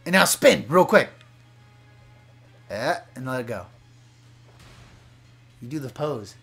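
A man's voice: mid-range voice, expressive, slow pace, gravelly, fairly bright tone, soft background music. A young man doing casual, crude, teasing banter while commenting on a video game. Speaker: let's play commentator.

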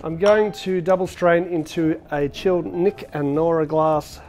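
Man, bartender demo, casual and upbeat, lots of ums and uhs, a little higher pitched, faint music behind. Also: steady tone, measured pace. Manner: chatty, upbeat, with frequent filler words. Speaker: bartender and show host. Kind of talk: casual cocktail demonstration.

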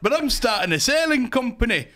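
A man's voice: very high voice, big pitch swings, brisk, bright, forceful tone, exaggerated voice. A man putting on a dim, boastful self-styled knight from the West Country, with a wavering rural accent and crude, rambling talk. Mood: smug. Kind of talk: improvised comedy character.

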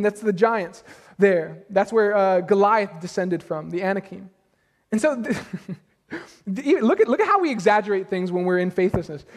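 High-pitched guy preaching, fired up, long echoey church hall sound. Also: normal speed. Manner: animated preaching, rhetorical questions to the congregation. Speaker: pastor. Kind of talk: sermon. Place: church sanctuary.

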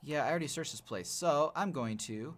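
A man streaming gameplay live, talking to himself in an excitable, jokey way with sudden yelps and swearing. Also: fairly high pitch, brisk, background noise. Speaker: gaming streamer.

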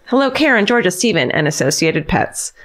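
A woman's voice: on the low side, sing-song, fairly quick. A woman co-hosting a podcast, chatting playfully and reading listener letters aloud with asides. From United States. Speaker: podcast co-host. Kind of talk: casual chat, reading listener stories.

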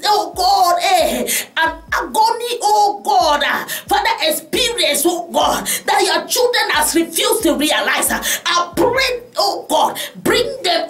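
Impassioned woman preacher. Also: extremely high pitch. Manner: impassioned, rising to shouts, repeating "oh God". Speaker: preacher leading prayer. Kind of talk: sermon and fervent prayer. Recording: echoey room with music behind.

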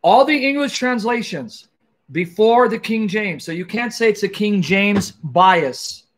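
Emphatic high-voiced man hosting a stream. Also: animated, unhurried. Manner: emphatic, repeats key words, addresses viewers directly. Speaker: Christian apologetics host. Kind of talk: commenting on a played video, livestream.

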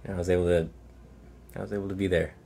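A young man giving an emotional, halting farewell to a friend. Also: low voice, little pitch movement, gravelly, mellow. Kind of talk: farewell message.

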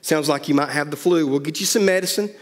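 A man's voice: fairly high pitch, quick pace, in a large hall, close to an everyday voice. A male pastor voicing a worried, loving father in a sermon story, earnest and pleading. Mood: reassuring. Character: anxious, loving middle-aged father.

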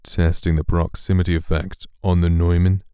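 A man around twenty, a streamer and voice actor, reviewing a microphone in a relaxed, rambling, soft-spoken way, close to a studio condenser mic. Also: deep voice, moderate pace, smooth, no echo. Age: 20s.

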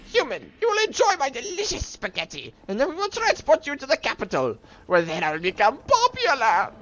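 A man voicing a boastful male skeleton with a screechy, high-pitched voice and theatrical proclamations. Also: huge pitch swings, a little fast, a bit bright, dull audio, a little hiss or hum, full character voice.

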